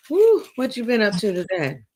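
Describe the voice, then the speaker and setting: A woman's voice: mid-range voice, huge pitch swings, slow pace, mellow, breathy edge. A woman hosting a casual livestream, chatting playfully with a guest and laughing often. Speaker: livestream host.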